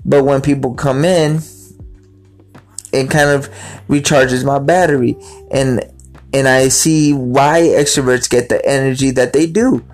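A man's voice: mid-range voice, fairly even intonation, unhurried. A man talking casually about his own life, rambling and repeating words, with faint music in the background. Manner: rambling, repeats words, acts out quoted greetings. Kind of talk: casual personal talk.

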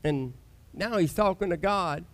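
A male pastor preaches in a loose, conversational way with a strikingly high voice. He leans hard on key words and lets dramatic pauses hang. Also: fairly bright tone. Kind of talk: sermon.

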